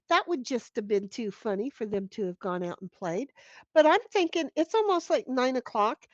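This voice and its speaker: A middle-aged woman with a fairly high, very animated voice hosts a relaxed livestream from home with her dogs, speaking at normal speed into a desk computer mic. She reads the chat aloud and rambles frankly and saltily, often restarting. The audio has no echo, but the highs are cut off.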